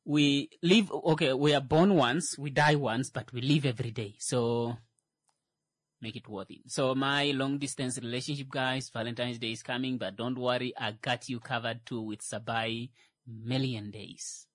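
A man's voice: mid-range voice, steady tone, normal speed, dry recording. A man hosting a music show, chatting casually between songs in a rambling, jokey way and often correcting himself. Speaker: radio show host playing songs.

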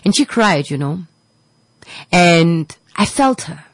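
A woman's voice: lowish voice, expressive, slow pace, no echo, low-quality recording. A woman radio host giving a heartfelt motivational talk to her listeners, repeating her points and dropping to a whisper at times. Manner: repetitive, preachy, emotional, drops to a whisper at times.

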